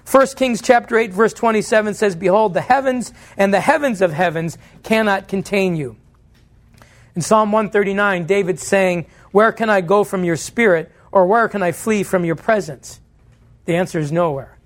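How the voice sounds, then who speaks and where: A man with a high, light voice preaches a sermon in church. He speaks earnestly, putting questions to his listeners and answering them himself. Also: moderate pace. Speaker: pastor.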